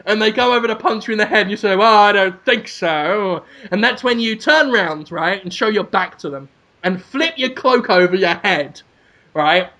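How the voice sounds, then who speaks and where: A rambling man co-hosting a comedy podcast, with a fairly high, bright voice and a gravelly crackle. He narrates a crude, silly story and breaks into sung bits and shouts. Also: animated, normal speed. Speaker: podcast co-host.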